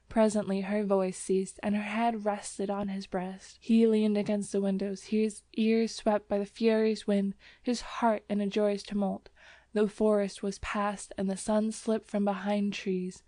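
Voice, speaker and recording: A woman narrating a classic story as an audiobook, in steady, even storytelling. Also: medium pitch, no room sound. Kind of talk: scripted narration.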